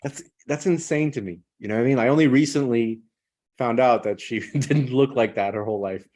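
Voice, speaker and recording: A man's voice: mid-range voice, a little fast, darkish tone. A man co-hosting a podcast, chatting casually in a laid-back, agreeable way. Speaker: podcast co-host. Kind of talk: casual chat.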